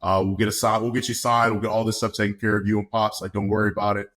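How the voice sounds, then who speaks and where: Laid-back low-voiced young man. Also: level tone, quick pace, a bit bright. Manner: laid-back, laughs often, fillers like "man". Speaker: podcast guest, football player. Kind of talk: casual storytelling.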